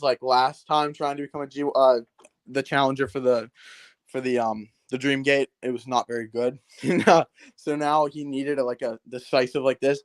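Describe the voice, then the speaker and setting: A man's voice: medium pitch, no room sound. Male podcast co-host, mid-range voice, eager and opinionated. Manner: enthusiastic, opinionated. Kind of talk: casual wrestling podcast chat.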